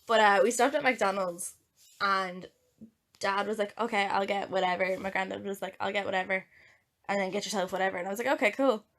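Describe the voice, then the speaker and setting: A woman's voice: medium pitch, brisk. A young adult woman with an Irish accent, co-hosting a podcast and telling stories in casual chat, laughing often. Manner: laughing, animated storytelling. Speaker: podcast co-host.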